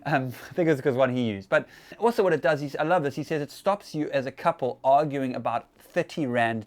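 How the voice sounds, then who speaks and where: A man's voice: mid-range voice, a little fast. A man hosting a casual church talk, chatty and conversational with fillers and laughs.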